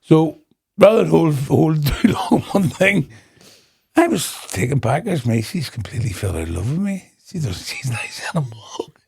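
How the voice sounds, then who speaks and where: On a podcast, a middle-aged man with a Northern Irish accent tells his own story, performing the dialogue with animation and breaking into laughter. His husky voice sits on the high side, with vocal fry and a moderate pace.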